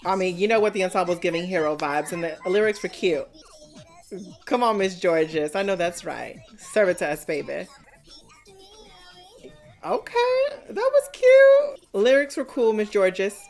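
A woman's voice: lowish voice, normal speed, soft background music. A woman hosting a casual reaction video, calling out the contestants directly with sassy pet names and giving blunt critiques. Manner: sassy, talks straight to the contestants with "honey" and "baby". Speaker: reaction channel host.

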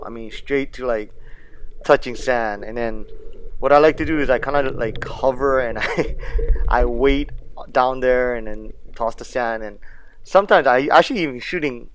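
A man, casually narrating his fishing and diving video in an excitable, laid-back way, laughing often and using island slang. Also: mid-range voice, no room sound. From Hawaii. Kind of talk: casual narration over footage.

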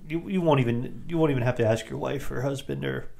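Dude doing a jokey rambly movie recap, mellow voice, talks in quick asides. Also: male voice, mid-range voice, vocal fry. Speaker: podcast host.

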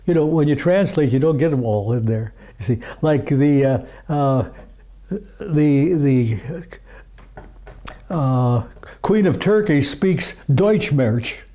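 An older man, an archivist of Yiddish culture, talking in a rambling, halting way with many fillers in a casual interview. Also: on the high side, lively intonation, mellow. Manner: sings Yiddish folk songs unaccompanied.

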